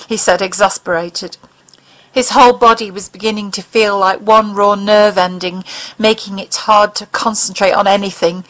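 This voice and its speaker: A woman's voice: medium pitch, fairly even intonation, normal speed, fairly bright tone, poor audio. Woman reading a dramatic audiobook. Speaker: audiobook narrator. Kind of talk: audiobook narration.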